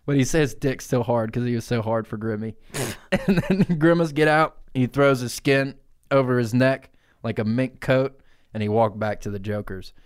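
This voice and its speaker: A man co-hosting a comedy podcast, telling a crude absurd story and breaking into squeaky character noises. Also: fairly even intonation, normal speed, smooth. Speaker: podcast co-host. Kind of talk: improvised comic storytelling.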